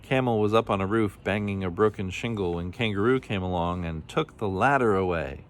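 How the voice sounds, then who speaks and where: Lower-voiced man reading a children's story. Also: a little fast, a little hiss or hum. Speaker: children's book reader. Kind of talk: storybook read-aloud.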